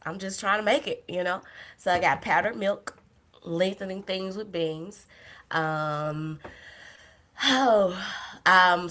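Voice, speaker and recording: A woman's voice: mid-range voice, fairly bright tone. A young woman hosting a podcast livestream, chatting casually and rambling through tangents with self-deprecating humor and frequent laughs. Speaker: podcast host. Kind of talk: casual solo livestream chat.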